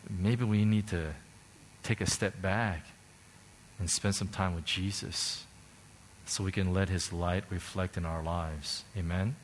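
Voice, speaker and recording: A male pastor preaching passionately, swinging from loud to hushed as he leads an altar call. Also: deep voice, fairly even intonation, a little slow, slight background noise. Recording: music playing under the preaching. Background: worship music.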